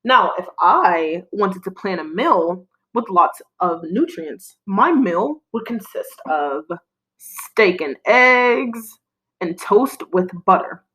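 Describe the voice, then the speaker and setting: Lively, encouraging woman teacher. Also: lowish voice, slow pace, few pauses, poor audio. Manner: clear, encouraging, call-and-response prompting. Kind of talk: recorded classroom lesson for children.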